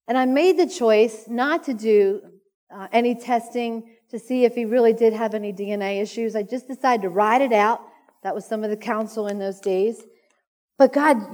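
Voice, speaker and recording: A woman's voice: on the high side, normal speed, a little mellow. Earnest woman testifying in an echoey hall. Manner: earnest, emotional storytelling. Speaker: conference speaker. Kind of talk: personal testimony talk. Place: conference hall.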